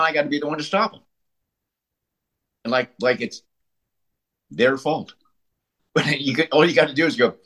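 A middle-aged man, a punk band frontman, talking bluntly and profanely in a casual interview, telling stories with animated emphasis. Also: medium pitch, moderate pace, pauses often, slightly rough.

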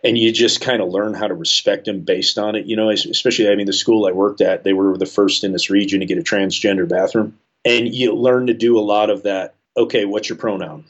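A man, a teacher, telling a classroom story in a relaxed interview, full of "you know" fillers. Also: lowish voice, a little fast, dull audio. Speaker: high school English teacher. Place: works at a school in Colorado.

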